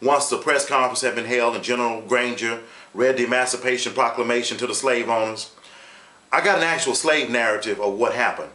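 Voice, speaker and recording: A man's voice: mid-range voice, a little fast, sharp tone, echoey room. A man hosting his own online channel, telling a history story in a casual, emphatic way and repeating points for effect. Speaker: YouTube host.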